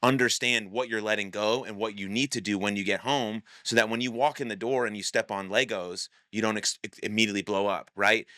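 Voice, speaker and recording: A man hosting a podcast in a relaxed, casual way, thinking aloud as he talks. His voice is low with a bright, forceful edge. The sound is dry and close. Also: dry recording. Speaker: podcast host, coach. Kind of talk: podcast interview.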